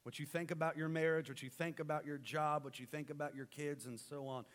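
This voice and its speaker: Animated preacher with a twang. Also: male voice, a little high, a little fast. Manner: animated, swings from loud rallying to quiet. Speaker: pastor. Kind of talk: sermon.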